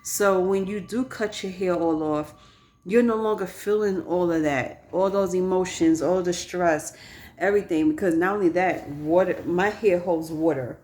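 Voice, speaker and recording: A woman's voice: lowish voice, moderate pace, darkish tone. A woman in her thirties talking casually and candidly to her viewers in a personal vlog, recorded on a phone. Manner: chatty, candid storytelling to viewers. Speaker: vlogger.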